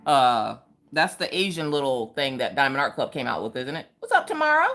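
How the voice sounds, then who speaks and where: A woman's voice: rumbling low, very animated, brisk, fairly bright tone. A woman hosting a casual livestream chat. She greets viewers by name with playful exclamations and chatty, joking asides. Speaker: livestream host.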